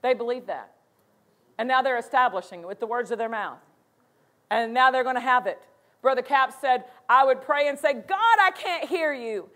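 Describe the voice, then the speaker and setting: A woman pastor delivers a sermon with a high, light voice. She preaches emphatically and repeats key phrases for weight. Her speech comes in a steady, earnest flow. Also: brisk.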